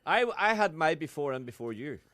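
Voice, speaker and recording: A man's voice: a little high, expressive, fairly quick, fairly bright tone, dry recording, clean studio sound. A man in casual comic banter, earnest and insistent, often tripping over his words. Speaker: co-host.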